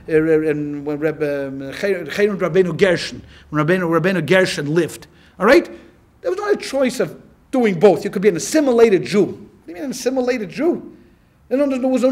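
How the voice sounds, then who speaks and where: A male rabbi giving a lecture to a class in a lively, conversational way, with frequent restarts. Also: high voice. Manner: animated and conversational, with many restarts. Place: class with a live audience.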